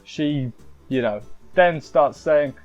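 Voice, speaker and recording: A man's voice: fairly high pitch, takes it slowly, a little mellow, lo-fi sound, faint music behind. Rambling man reviewing an anime episode. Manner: rambling, restarting, with wry asides. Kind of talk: casual episode review chat.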